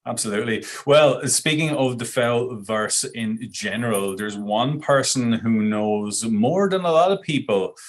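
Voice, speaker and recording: A man's voice: mid-range voice, unhurried, few pauses. A man hosting a festive show, bantering playfully and cueing segments. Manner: playful, cues segments with mock commands. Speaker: show host. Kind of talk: hosted show chat.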